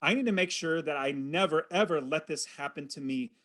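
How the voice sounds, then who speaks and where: A man's voice: fairly high pitch, a little fast, a bit bright. A middle-aged man, a podcast guest, earnestly telling a personal story and acting out his own thoughts as he goes.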